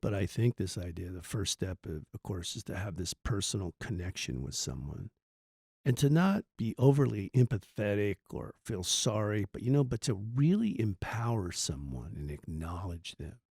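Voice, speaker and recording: A man's voice: fairly low pitch, lively intonation, moderate pace, vocal fry, darkish tone, slightly rough, no echo, clean studio sound. A man hosting a podcast interview, speaking thoughtfully and a bit hesitantly. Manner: thoughtful, hesitant, many fillers and restarts. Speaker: podcast host. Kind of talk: casual interview conversation.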